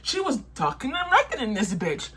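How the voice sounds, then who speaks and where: Bright-voiced young woman venting a story. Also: high voice, sing-song, moderate pace, husky. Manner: heated, profane, repetitive venting. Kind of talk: casual storytime vlog.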